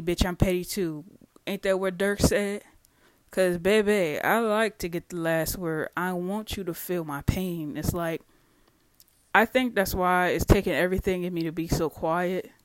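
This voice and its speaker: A podcast host talking alone in a casual monologue, blunt and full of swearing, with heated swings between loud and quiet. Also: medium pitch, no echo. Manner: blunt, profane and emphatic, with heated swings in volume.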